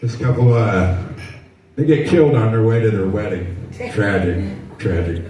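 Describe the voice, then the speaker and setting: A man's voice: on the low side, expressive, normal speed, mellow. A man in his sixties doing a stand-up routine in a dry, rambling storytelling way. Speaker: stand-up comedian. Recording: echoey venue, mic from far off, faint noise.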